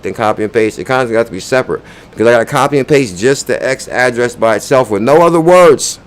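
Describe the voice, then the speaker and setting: A man with a smooth, clear, mid-pitched voice talks in a loose, chatty way to his stream audience. He reads viewer names, counts aloud, and riffs casually between plugs. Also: a little fast. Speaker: crypto channel host. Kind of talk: casual livestream chat.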